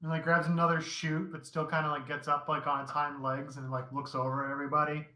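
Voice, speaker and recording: A man's voice: fairly high pitch, little pitch movement, fast, bright, forceful tone, echoey room, rough recording. A man narrating as game master in a tabletop game, talking casually and loosely.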